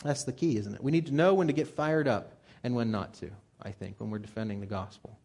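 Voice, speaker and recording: This male pastor's sermon is talky and lively; he addresses the congregation directly and works himself up as he goes. He speaks fairly quickly in a mid-range voice.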